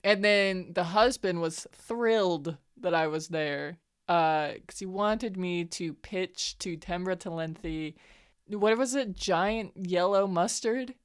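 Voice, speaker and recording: A woman's voice: fairly low pitch, takes it slowly, clean tone. A woman player recapping a tabletop game in a chatty, giggly way with hesitant fillers. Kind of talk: casual recap chat.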